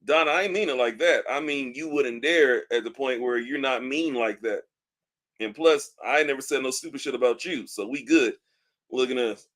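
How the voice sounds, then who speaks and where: Man, livestream host, bright tense voice, profane, animated, in pain. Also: medium pitch, moderate pace. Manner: loose and profane, animated, many restarts. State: in back pain. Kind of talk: casual livestream chat, reading comments. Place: indoors at home, seated.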